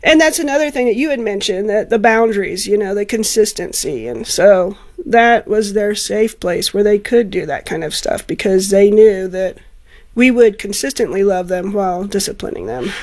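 A woman's voice: mid-range voice, a little mellow. Earnest middle-aged woman telling a story. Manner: earnest, heartfelt, halting restarts. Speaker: teacher and foster parent, author guest. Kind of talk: personal storytelling in an interview.

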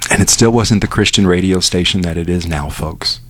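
A man with a fairly low voice speaks from a radio station studio. He tells a personal story openly, the way a DJ talks to listeners. He raises his pitch when he acts out what people said. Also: fairly quick, fairly bright tone. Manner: candid storytelling, acts out dialogue with lifted pitch.

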